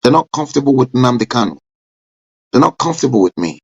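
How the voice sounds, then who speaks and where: A man hosting a live-stream talk show, giving fervent political commentary with sudden loud rising bursts. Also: medium pitch, sing-song, fast talker, vocal fry, breathy edge, dull audio. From Nigeria.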